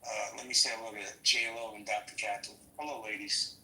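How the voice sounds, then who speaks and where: A man hosting a panel talk, gently steering it and handing the floor to guests. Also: fairly low pitch, flat delivery, a little fast, roomy sound. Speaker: host.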